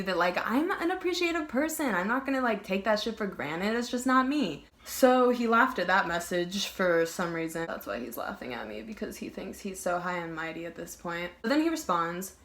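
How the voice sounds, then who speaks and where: A woman's voice: medium pitch, a bit bright. A young woman vlogger telling a casual storytime, emphatic and heated, swearing and filling her talk with "like".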